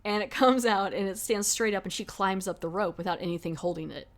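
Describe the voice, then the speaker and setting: A woman's voice: mid-range voice, fairly quick. A woman hosting a podcast, retelling a horror film plot in a casual, rambling way full of 'like'. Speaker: podcast host. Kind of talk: casual film review chat.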